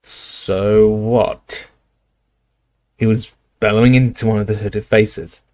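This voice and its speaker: A man reading a novel aloud in steady, measured storytelling narration. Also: on the low side, dry recording. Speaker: audiobook reader. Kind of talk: scripted narration.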